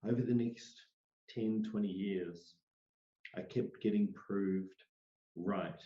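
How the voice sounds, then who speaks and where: A middle-aged man, an interview guest, telling personal stories in an animated way and acting out the voices he quotes. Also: fairly low pitch, slow pace. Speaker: interview guest, psychic medium. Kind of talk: storytelling in a conversational interview. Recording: roomy, dull lo-fi sound.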